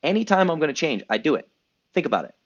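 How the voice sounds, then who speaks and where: A man in his thirties speaking as a coach to his group, his pitch rising and falling with lots of energy. He talks emphatically, repeats lines for effect and swears casually. The sound is a bit dull and lo-fi. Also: big pitch swings, quick pace. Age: 30s. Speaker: coach and podcast host. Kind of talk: group coaching call monologue.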